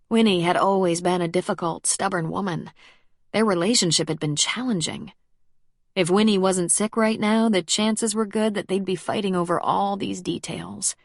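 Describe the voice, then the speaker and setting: A woman reading an audiobook in calm, measured narration. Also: mid-range voice, no room sound, clean studio sound. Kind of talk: scripted narration.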